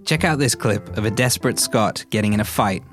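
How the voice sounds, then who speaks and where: A man reading scripted narration for a podcast in a smooth, fond way. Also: fairly low pitch, a little fast, soft background music.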